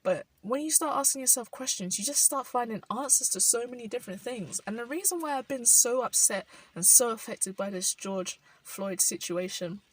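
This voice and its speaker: A woman's voice: a little high, animated, moderate pace, hardly any pauses, slightly rough, far from the mic, poor audio. A young woman from South London with a London accent, talking thoughtfully in a personal vlog, with many "like" fillers. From South London, England. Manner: thoughtful, frequent "like" fillers, soft laughs. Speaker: vlogger. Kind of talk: reflective personal monologue. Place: indoors while rain falls outside.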